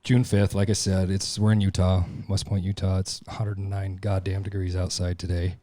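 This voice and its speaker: A man with a low, mellow voice gives a blunt, profane, confessional monologue as a podcast host. His voice sounds dry and close, with no room echo behind it. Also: level tone, moderate pace. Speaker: podcast host and tattoo shop owner. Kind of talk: candid monologue.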